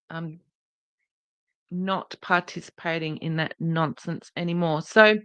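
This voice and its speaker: A woman's voice: low voice, flat delivery, slow, fairly bright tone, clear, resonant tone, dry recording. A woman hosting a podcast livestream in a casual, chatty way, greeting viewers by name and speaking earnestly and indignantly. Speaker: podcast host.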